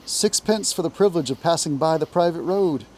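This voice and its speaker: A fussy elderly rabbit barks out a toll demand in a high, pinched voice, as a man with an Appalachian accent puts him on. He sounds officious and sharp, a storybook gatekeeper. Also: brisk, slight background noise, lightly acted.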